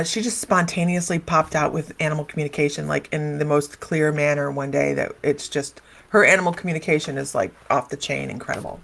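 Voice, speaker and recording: A woman's voice: sits low, gravelly. A middle-aged woman hosting a casual livestream chat as a psychic medium, talking in a loose, wandering way and laughing often. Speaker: psychic medium and live show host.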